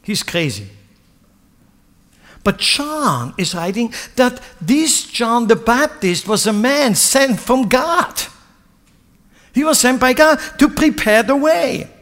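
A man's voice: very high-pitched, expressive, slow pace, fairly bright tone. A male pastor preaching a sermon, dramatic and acting out the voices of people in the scripture. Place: church hall. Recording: long reverb of a church hall.

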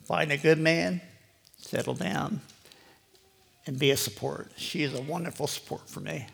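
Older man with a gravelly husky voice. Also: fairly high pitch, moderate pace, a bit bright. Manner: rambling and conversational, full of "you know". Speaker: lay preacher giving a testimony. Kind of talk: personal testimony to a live audience.

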